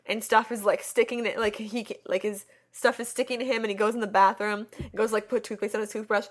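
A woman's voice: medium pitch, quick pace. Chatty woman retelling movie scenes. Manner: rambling, lots of "like", animated retelling of scenes. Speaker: co-host of a movie discussion. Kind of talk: casual chat.

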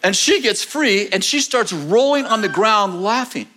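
A man telling a testimony story in a sermon, animated and often laughing as he talks. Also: sits high, moderate pace, hardly any pauses, slight background noise. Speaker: preacher.

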